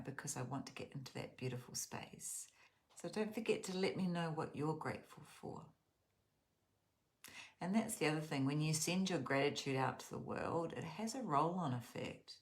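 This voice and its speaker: A woman's voice: low voice, lively intonation, moderate pace. A woman hosting a guided bedtime journaling video, talking in an earnest, spiritual and rambling way with many restarts. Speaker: journaling channel host. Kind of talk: casual guided journaling talk.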